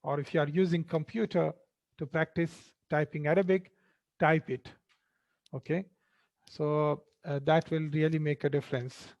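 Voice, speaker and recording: A man teaching an Arabic textbook lesson, explaining slowly and patiently and repeating each word twice. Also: fairly high pitch, fairly even intonation, darkish tone, muffled recording.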